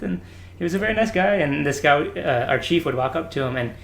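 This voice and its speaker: A man telling lively stories in a casual chat, acting out quotes between laughs. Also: fairly high pitch, brisk, gravelly. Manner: animated, acts out quotes with laughter. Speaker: podcast guest. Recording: roomy with faint background hiss.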